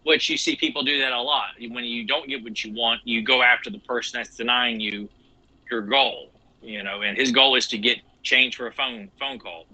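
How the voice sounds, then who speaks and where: Bright-voiced man in casual podcast chat. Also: medium pitch, steady tone, moderate pace, no room sound, poor audio. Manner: rambling, many restarts and "you know". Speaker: podcast co-host.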